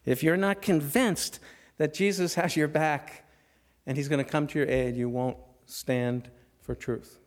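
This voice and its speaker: A middle-aged man preaching a sermon, posing rhetorical questions and dropping to a hush for emphasis. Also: on the high side, steady tone, a little slow. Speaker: pastor.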